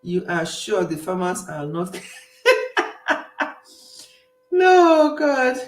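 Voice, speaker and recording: A woman's voice: lowish voice, fairly even intonation, a little slow. Chatty Nigerian woman in an echoey room. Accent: Nigerian Igbo. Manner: chatty, emphatic, laughs often. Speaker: livestream host. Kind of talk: casual chat with live viewers. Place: home in the UK.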